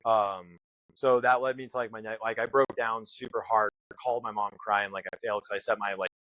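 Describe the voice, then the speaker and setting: A man recounts a story at a quick clip, slipping into other people's voices for the quoted lines. The sound is dry and close, with no room behind him. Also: on the low side, dry recording, poor audio. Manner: fast, animated retelling with voiced quotes. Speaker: guest. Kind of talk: casual storytelling.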